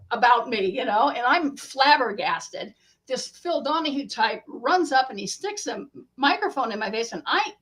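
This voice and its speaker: Animated woman telling a story. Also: sits high. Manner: animated storyteller, acts out quotes. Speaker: author guest. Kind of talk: casual storytelling interview.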